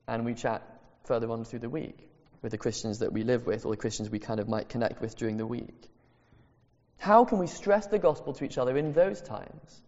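A man's voice: mid-range voice, brisk, darkish tone. A man preaches to his congregation, earnest and insistent, circling back to the same phrases to drive them home. His mid-range voice carries a long reverb through the church. The sound is dull and lo-fi. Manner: earnest, repeats key phrases for emphasis. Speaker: pastor. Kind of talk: sermon. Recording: echoey hall, dull lo-fi sound.

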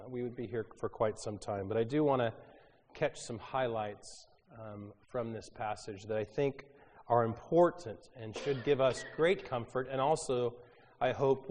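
A man preaching with a raspy voice roughened by a cold. He talks in a conversational way, with plenty of ums and uhs. His voice sits at an ordinary middle pitch and trails off into the long reverb of a large hall. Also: measured pace, a little mellow. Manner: conversational with frequent fillers. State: hoarse from a cold. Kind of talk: sermon.

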